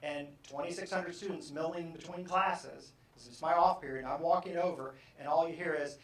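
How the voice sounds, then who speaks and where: A middle-aged man giving a lively, jokey motivational talk on stage, acting out the people in his stories. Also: on the high side, a little fast, few pauses. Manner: animated, jokey, acts out characters. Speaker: motivational speaker. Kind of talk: live keynote talk to an audience. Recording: echoey hall from far off.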